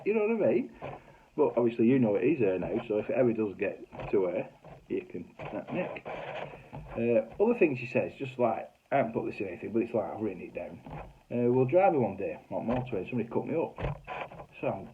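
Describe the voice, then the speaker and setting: A man's voice: fairly low pitch, big pitch swings, brisk, slight background noise. A middle-aged man with a Northern English accent, telling funny stories in a casual, broad way with mild swearing. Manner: chatty, broad, swears mildly, acts out voices. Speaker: comedy sitcom writer telling stories. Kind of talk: casual anecdotal storytelling. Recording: tinny phone-like audio.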